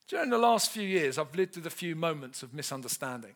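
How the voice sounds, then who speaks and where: A male preacher in his thirties, delivering a humorous sermon. His voice sits high for a man and swings widely in pitch. He tells animated, self-mocking stories. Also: fast talker, few pauses.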